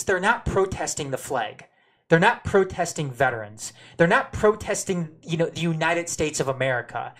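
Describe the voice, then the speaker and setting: Co-hosting a sports talk show, a man with a high, slightly bright voice argues his point in a casual debate. He's passionate and emphatic, repeating himself for stress and reading viewer comments aloud.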